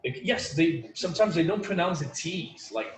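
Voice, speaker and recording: A man's voice: a little high, expressive, normal speed, slight background noise. A man teaching an online English class, native Portuguese speaker, chatty and full of "like" and "you know". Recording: echoey room with faint ambience.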